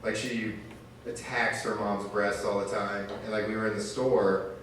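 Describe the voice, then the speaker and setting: A man's voice: on the low side, flat delivery, moderate pace, fairly bright tone. A young man doing a stand-up comedy set in a loose, rambling way with crude asides. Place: small arts venue stage. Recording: distant, echoey room with noise.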